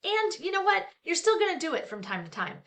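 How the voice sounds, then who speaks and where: A woman's voice: very high-pitched, sing-song, a little fast, fairly bright tone. A middle-aged woman, a therapist, reading a book aloud and stopping often for frank, chatty personal asides. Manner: reads aloud then breaks off into frank, chatty asides with fillers. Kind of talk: casual book reading with commentary.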